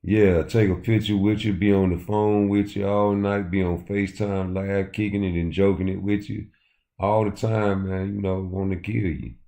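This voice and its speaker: Deep, mellow-voiced man ranting on a livestream. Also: flat delivery, moderate pace, vocal fry. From Chicago. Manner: loose, profane, addresses chat directly. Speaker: livestream host. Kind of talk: casual livestream rant.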